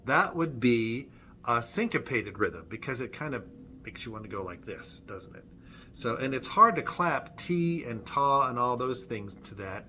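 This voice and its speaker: A man's voice: medium pitch, animated, moderate pace, noisy background. A man leading a children's Sunday school music lesson at church, friendly and patient, clapping and chanting rhythms.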